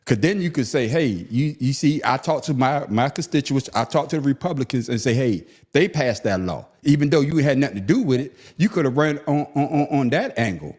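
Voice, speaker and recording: A man's voice: mid-range voice, lively intonation, a little fast, few pauses, darkish tone. A man with a Southern accent hosting a casual podcast chat, repeating words and teasing his co-hosts. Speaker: podcast host.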